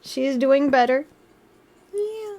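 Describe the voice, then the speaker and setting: A woman with a high, bright-pitched voice chatting on a live stream. She talks slowly and easily, with a bubbly manner full of gasps and little laughs as she thanks her viewers. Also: lively intonation. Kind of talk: casual live-stream chat.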